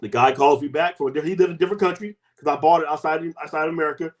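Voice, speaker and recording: A man in his fifties, a host and health coach, telling a personal story with emphatic, sweeping swings in pitch and loudness. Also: racing.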